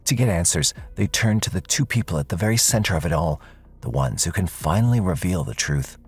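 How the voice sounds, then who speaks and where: Deep gravelly man narrating true crime. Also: lively intonation, a little fast, soft background music. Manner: dramatic, suspense-building delivery. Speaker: documentary narrator.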